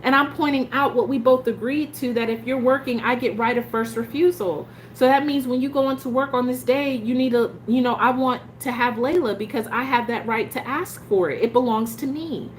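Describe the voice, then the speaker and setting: A woman's voice: on the high side, fairly even intonation, a little fast, few pauses, slight background noise. A woman telling her story as a parent in a casual vlog, frustrated and emphatic, with many restarts.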